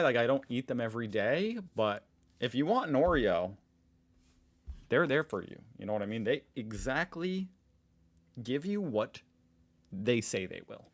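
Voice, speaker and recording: A man's voice: medium pitch, a bit bright. Playful mock-defensive man hosting reactions. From Southern United States. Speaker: reaction video host. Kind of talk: casual reaction commentary.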